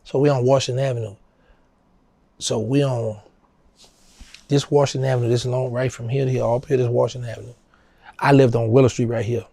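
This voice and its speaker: Man, middle-aged, New Orleans accent, gravelly, husky, lively storyteller. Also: a little fast, long pauses, dry recording. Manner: animated storyteller, acting out quotes in a higher voice. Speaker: interview guest. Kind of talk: casual storytelling.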